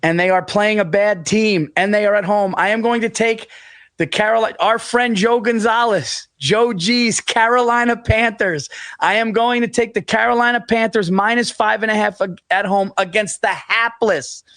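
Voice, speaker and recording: A man with a fairly high voice chats casually about sports picks. He is blunt and profane, and he cracks himself up. The sound is dry and close, with little room around it. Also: fairly even intonation, normal speed, a bit bright, dry recording. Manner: blunt, profane, laughs at his own jokes. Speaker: podcast co-host.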